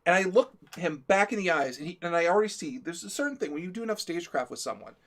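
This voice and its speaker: A man's voice: sits high, animated, quick pace. A man telling a comic story as a live-stream co-host, talkative, laughing through it and acting out the quotes.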